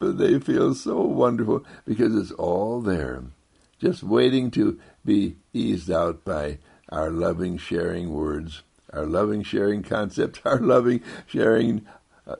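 A man with a deep, heavily gravelly and husky voice muses softly in a gentle inspirational monologue. His pitch swings widely, rising high when he quotes others. He rambles, circles back on his words and chuckles often. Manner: rambling, repetitive, soft-spoken, chuckles often.

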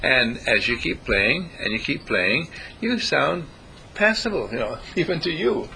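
A man giving an informal spiritual talk, animated and acting out voices as he goes. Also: mid-range voice, unhurried, creaky, a little hiss or hum, rough recording. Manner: animated, acts out voices, chuckles often.

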